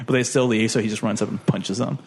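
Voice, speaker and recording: A man's voice: lowish voice, fast, gravelly, husky. Rambling young man recapping a movie. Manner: animated retelling with lots of "like", puts on silly voices for characters. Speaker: podcast co-host. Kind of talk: casual movie plot recap.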